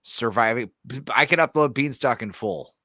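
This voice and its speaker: Bright-voiced man rambling on a podcast. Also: medium pitch, moderate pace, no room sound, clean studio sound. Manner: rambling, laughs often, swears casually. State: sore throat. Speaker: podcast host. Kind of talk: casual chat.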